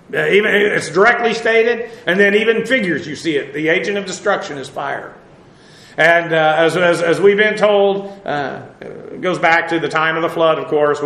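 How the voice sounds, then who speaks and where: A man's voice: a little high, bright, forceful tone. Methodical man spelling Hebrew words, echoey room. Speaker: Bible teacher. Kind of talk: verse-by-verse Hebrew word study.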